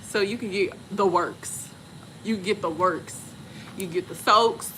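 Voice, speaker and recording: A woman in her forties from Texas, a vlogger and respiratory therapist, tells travel stories in casual, slangy chat and laughs often. Her medium-pitched voice is pushed and bright with a little hiss or hum, and she takes it slowly.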